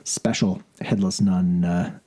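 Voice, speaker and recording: A man's voice: sits low, steady tone, slow pace, dark tone. A man co-hosting a podcast in casual, rambling chat, from Canada. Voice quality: talks in loose, rambling runs with laughs. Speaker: podcast co-host.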